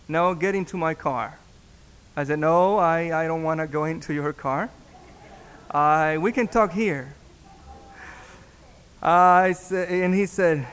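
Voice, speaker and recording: A man, a pastor, telling a story in a sermon, halting and repeating words as he acts out the dialogue. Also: fairly high pitch, fairly bright tone, smooth. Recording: long reverb in a hall.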